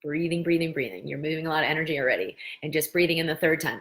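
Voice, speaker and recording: Middle-aged woman with a low voice, gentle host leading a guided lesson, talky and slow on key phrases. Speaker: host, medical practitioner teaching tapping.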